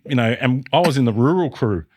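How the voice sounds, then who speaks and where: A man's voice: mid-range voice, animated, fairly quick, no echo, clean studio sound. A middle-aged Australian man, a podcast guest, telling rambling stories and swearing freely in casual chat. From Brisbane, Australia.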